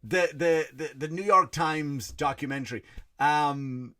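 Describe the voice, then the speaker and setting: A man's voice: fairly high pitch, measured pace, sharp tone. A middle-aged Irish man, his accent partly Americanized, doing a blunt, profane comedy rant as a podcast host and often restarting his sentences. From Ireland. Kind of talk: ranting comedy monologue.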